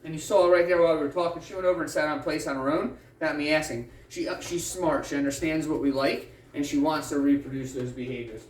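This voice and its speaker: A man's voice: a little high, quick pace, hardly any pauses. Distant, echoey man explaining dog training. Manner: patient, plain-spoken explaining. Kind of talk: instructional explanation during a training session. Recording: echoey, distant mic, faint ambient noise.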